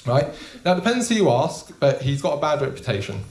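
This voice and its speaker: A young man doing a stand-up comedy set in a small club, deadpan and casual with frequent ums. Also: on the high side, brisk. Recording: echoey room.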